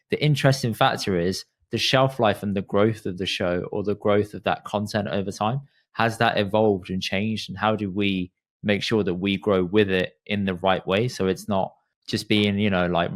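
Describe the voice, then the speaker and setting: A man co-hosting a podcast, chatting in a relaxed, reflective way. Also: lowish voice. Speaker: podcast co-host. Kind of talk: casual chat.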